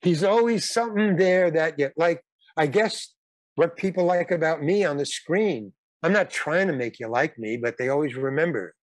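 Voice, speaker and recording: A man's voice: fairly high pitch, normal speed, no room sound. A man in his eighties, a guest actor and comedian, telling casual anecdotes in a rambling way, with repeated words, restarts and some blunt swearing.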